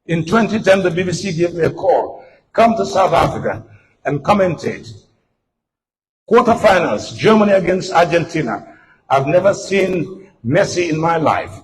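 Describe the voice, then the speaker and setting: A man's voice: high voice, animated, moderate pace. A man, a guest speaker telling his life story at a book launch, his voice rising as the story builds. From Gambia. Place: event hall. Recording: distant mic with faint room noise.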